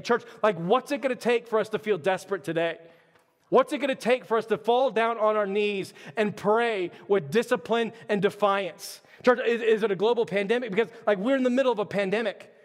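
High-voiced pastor preaching in a hall. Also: male voice, fairly quick. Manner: earnest, conversational preaching with frequent "like". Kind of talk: sermon. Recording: long hall reverb.

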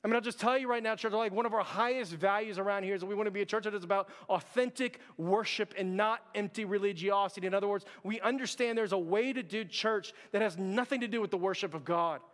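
A man's voice: sits high, fast talker, few pauses, fairly bright tone. A man preaching a sermon as pastor, earnest and conversational, often calling out to the church. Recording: long hall reverb.

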